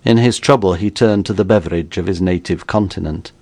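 Deep-voiced male audiobook narrator. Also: darkish tone. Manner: measured storytelling. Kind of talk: audiobook reading.

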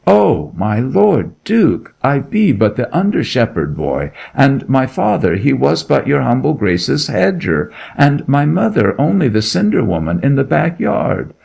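A man's voice: lowish voice, sing-song, measured pace, gravelly, hardly any pauses, darkish tone, husky, full character voice. A man reading a story aloud, voicing a timid young shepherd boy who pleads in a frightened country dialect. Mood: terrified pleading.

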